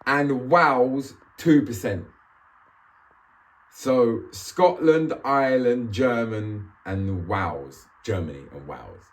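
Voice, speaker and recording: A man's voice: medium pitch, takes it slowly. A young man, chatting to camera in a casual, joking, slang-filled way. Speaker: vlogger.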